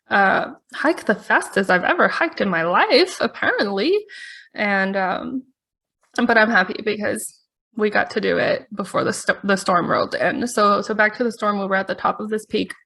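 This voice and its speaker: A woman's voice: mid-range voice, gravelly, fairly bright tone. A woman podcast host telling a story in a chatty, casual way, laughing often between her sentences.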